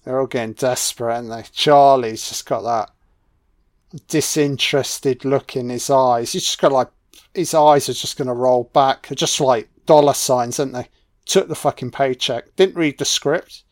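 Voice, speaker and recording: A man's voice: medium pitch, moderate pace, no echo. Male film commentator: mocking, profane, with a dead-dry mic and no room. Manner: sarcastic, mocking, heavy swearing. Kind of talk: audio-only film commentary rant.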